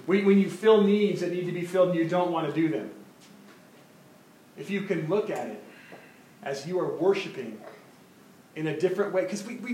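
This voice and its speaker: A man preaching a sermon as pastor, animated, often repeating words as he builds his point. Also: sits high, reverberant, a little hiss or hum, poor audio.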